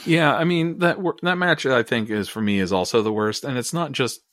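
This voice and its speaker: A man's voice: mid-range voice, fairly quick, fairly bright tone, no echo, studio quality. A man co-hosting a podcast, chatting casually about a wrestling show, with a laid-back, rambling way of talking and frequent laughs. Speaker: podcast co-host. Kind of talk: casual wrestling recap chat.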